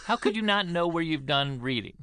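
A man's voice: a little high, expressive, fairly quick, pushed and bright, clear, resonant tone, no room sound. A man in his fifties co-hosting a podcast, chatting casually with a wry, dry teasing manner. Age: 50s. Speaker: podcast co-host. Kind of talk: casual chat.

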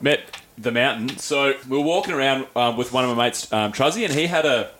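A man's voice: mid-range voice, a bit bright, slight background noise, rough recording. A man hosting a podcast, rattling off anecdotes and acting out the voices of people in them. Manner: rapid-fire anecdotes, acts out quoted voices. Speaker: podcast host. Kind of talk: casual podcast chat.

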